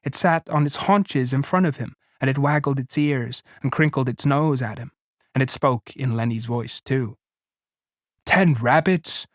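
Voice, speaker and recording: A man narrating a novel in a measured, steady reading. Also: mid-range voice, no echo, studio quality. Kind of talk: audiobook narration.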